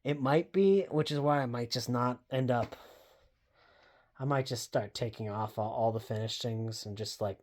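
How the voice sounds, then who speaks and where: A woman's voice: extremely low pitch, normal speed, a little mellow. Woman, casual vlog chat, rambling, self-deprecating, fillers and swearing. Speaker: book vlogger. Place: home basement.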